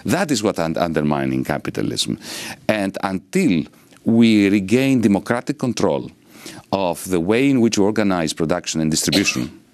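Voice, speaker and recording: A middle-aged Greek-accented man speaks in a very low voice, explaining with sweeping, lecture-like rhetoric. The recording is close and dry, with no room sound. He is an economist answering interview questions. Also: dry recording. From Greece. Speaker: economist and politician guest.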